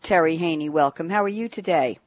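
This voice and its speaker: A woman's voice: low-pitched, a little fast, no room sound. A woman hosting a panel show, introducing the topic and guests with chatty, jokey asides. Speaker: show host and moderator.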